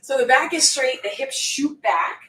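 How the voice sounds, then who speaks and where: Breathing hard mid-workout, a female fitness coach jokes and curses in a high, slightly bright voice, animated and at a moderate pace. The live coaching session was captured on a distant mic in an echoey room with faint noise.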